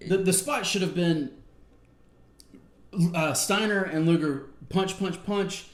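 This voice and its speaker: A man's voice: sits high, slow pace, roomy sound. A man co-hosting a casual wrestling review show, recapping matches in a rambling way with lots of fillers. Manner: rambling, filler-heavy recap with acted-out quotes. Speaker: podcast co-host.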